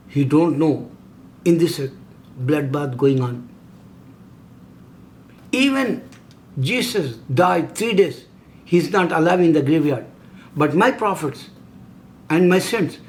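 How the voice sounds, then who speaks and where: A man's voice: fairly high pitch, animated, slow, long pauses, slight background noise. A middle-aged man speaking broken English in an impassioned religious monologue, hammering repeated rhetorical questions. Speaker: video host.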